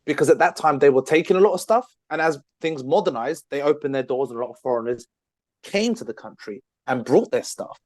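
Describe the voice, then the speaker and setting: A man's voice: on the high side, lively intonation, fairly quick, darkish tone, no room sound. A man co-hosting a podcast, talking earnestly and at length in casual chat. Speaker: podcast co-host, trained therapist.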